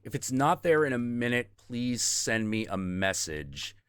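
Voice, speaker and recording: A man hosting a casual stream, telling a story in a rambling, profane, animated way. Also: medium pitch, a little slow, smooth, dry recording, studio quality. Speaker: host.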